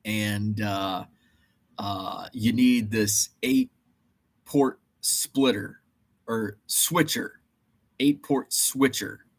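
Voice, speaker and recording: An eBay reseller and channel host recounts his errands in a casual vlog, rambling and exasperated, with lots of fillers. His voice is lowish and he draws out his words.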